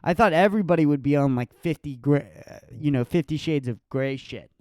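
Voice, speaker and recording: A man in his twenties doing a solo comedic podcast rant, profane and mocking, sometimes jumping into a shrill voice to mimic others. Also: a little fast, dry recording. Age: 20s. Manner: profane, animated, mocking falsetto impressions.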